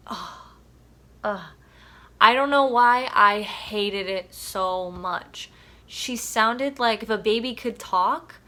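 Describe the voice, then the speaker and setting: A woman chatting casually in a book review vlog, animated and emphatic. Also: mid-range voice.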